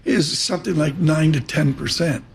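A man with a fairly high voice hosts a live financial broadcast. He talks quickly and casually, hopping from market numbers to his guest without pausing. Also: gravelly. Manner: quick, chatty, jumps between topics. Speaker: radio and TV markets host.

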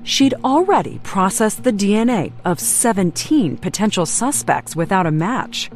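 A woman correspondent giving measured, dramatic scripted documentary narration. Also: medium pitch, very animated. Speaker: TV news correspondent. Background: music underscore.

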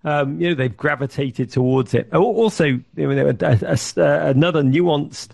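A middle-aged man giving an animated interview, full of restarts and acted-out quotes. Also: on the high side, normal speed, gravelly. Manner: animated, acts out quoted voices, many restarts. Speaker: podcast network founder, guest. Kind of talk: conversational interview storytelling.

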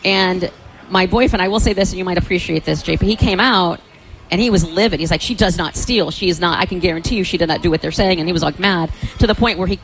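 Animated woman telling a story. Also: fairly low pitch, fast talker, poor audio. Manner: animated, laughing, quotes others in voices. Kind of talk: casual storytelling chat.

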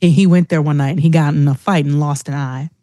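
Expressive woman telling a comic story. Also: low voice, quick pace, no room sound, studio quality. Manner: expressive, comic, acts out quotes. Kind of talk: casual chat.

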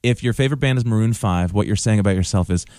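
A man's voice: lowish voice, very fast, a little mellow, no echo, studio quality. A man on a radio show doing a teasing, mock-serious comedy bit.

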